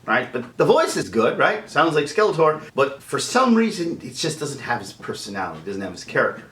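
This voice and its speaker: A man's voice: medium pitch, sing-song, a little fast, hardly any pauses, a bit bright, reverberant. A man teaching voice impressions in a casual, chatty video tutorial, laughing often as he talks.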